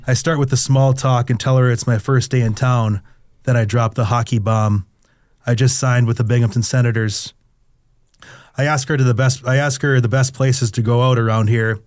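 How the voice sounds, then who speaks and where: A man's voice: mid-range voice, fairly even intonation, moderate pace, a little mellow, no room sound, studio quality. A middle-aged man reading his own memoir aloud in the first person, candid and crude in a confessional tone.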